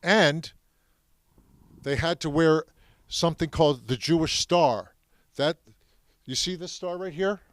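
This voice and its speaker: A man's voice: fairly high pitch, measured pace, pauses often, dry recording. Brief: man addressing a class, emphatic, checks in with listeners, dry close sound. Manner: emphatic, addresses the audience with questions. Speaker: speaker telling his family's story to students. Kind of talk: classroom talk.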